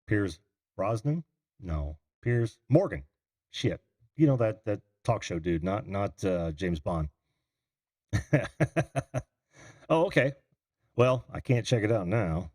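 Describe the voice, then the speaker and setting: A man's voice: fairly low pitch, big pitch swings, slow, long pauses, darkish tone, dry recording, studio quality. A middle-aged man hosting a call-in livestream, rambling casually and answering viewers' chat comments. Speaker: call-in show host. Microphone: computer mic on a video call.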